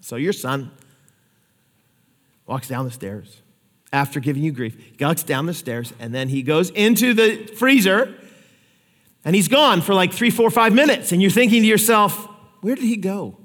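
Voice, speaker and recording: A man preaching a sermon, telling stories with lively acted-out quotes. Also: high-pitched, moderate pace, pauses often, big-room sound. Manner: animated storytelling, acts out quotes. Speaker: pastor.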